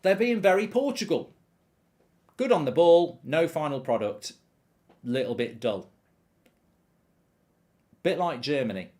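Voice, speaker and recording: Man, watchalong host, live football commentary, ranting, swears freely, lively swinging intonation. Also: on the high side, measured pace, long pauses.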